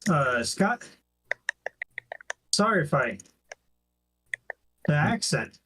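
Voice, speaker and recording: A man chatting on a gaming livestream, halting and restarting his sentences often. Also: on the high side, very animated, noisy background. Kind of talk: casual gaming chat.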